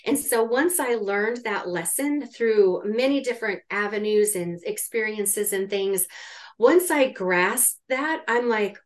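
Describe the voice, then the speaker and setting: A middle-aged woman speaks in a live coaching conversation, earnest and pressing. She thinks out loud, circling back to her point with clear conviction. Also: a little high, lively intonation, takes it slowly. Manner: earnest and urgent, thinking aloud. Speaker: coach in training.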